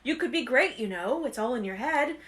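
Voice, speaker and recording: A woman voicing the Sorting Hat, slow and musing. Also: high-pitched, lively intonation. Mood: coaxing. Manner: slow, drawn-out pondering. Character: wise old magic talking hat, musing, sly.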